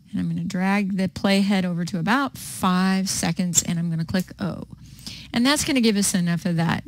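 A woman teaching video editing in a patient, step-by-step way, with frequent pauses and ums. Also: medium pitch, dry recording. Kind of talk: screen-recorded software tutorial.

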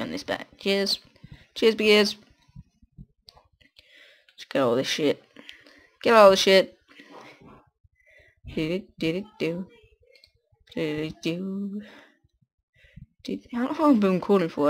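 A man hosting a gaming video on a headset, chatting casually to himself while he builds, swearing often and breaking into excited bursts. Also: high voice, unhurried, long pauses. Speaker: gaming channel host. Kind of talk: casual gameplay commentary.

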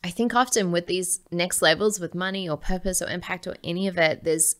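Lively woman telling a family story. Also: lowish voice, a little fast. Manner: lively, laughing often, acting out quoted voices. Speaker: podcast guest. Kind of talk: animated personal storytelling.

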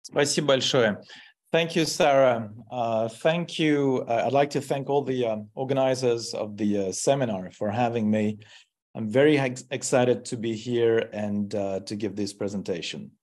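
Man giving a measured academic lecture. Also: medium pitch, darkish tone. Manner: measured, with hesitant fillers. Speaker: academic speaker. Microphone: video call.

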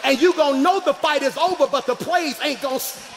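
Male pastor, 40s, high-pitched shouting call-and-response preacher in a church sanctuary. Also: fairly quick, big-room sound, some chatter behind, slight background noise. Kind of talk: live sermon.

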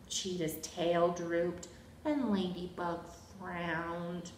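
A woman's voice: medium pitch, sing-song, slow, a bit bright. A woman librarian reading a picture book aloud at a children's storytime, sing-song and gasping with cheerful encouragement. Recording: roomy echo.

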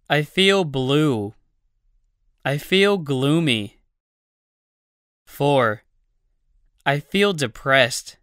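Brief: language-course narrator, very slow, bright and crisp, dry studio sound, deliberate drill reading. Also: mid-range voice, no echo. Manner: deliberate, evenly paced reading of numbered phrases. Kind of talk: slow scripted phrase drill.

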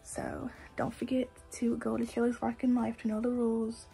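Her voice is on the high side, gravelly and warm, delivered completely flat at a moderate pace. She's a young adult woman vlogging a home workout, chatty and filler-heavy, addressing viewers as "you guys" while slightly out of breath in casual vlog talk. The recording is rough, with faint music behind.

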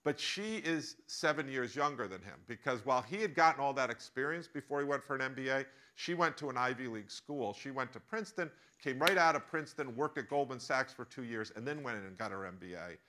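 An American man gives a lecture and tells a story along the way, animated and joking. His voice is bright and forward, and he speaks as a professor teaching a class. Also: medium pitch, a little fast, hardly any pauses. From United States. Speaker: professor giving a masterclass.

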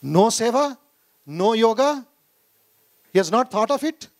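A monk with a high-pitched voice and an Indian English accent gives a talk to a corporate gathering in a conference hall. His delivery is expressive and slightly slow, as he tells stories emphatically, repeats key phrases and voices the people he quotes.

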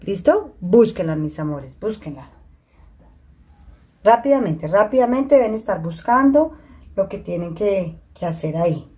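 On a video call, through a computer mic, a woman teaches English grammar with a Spanish accent, her first language being Spanish. Her mid-range voice is dark and slightly rough, with lively intonation at a normal speed, as she reads example sentences and explains in Spanish.

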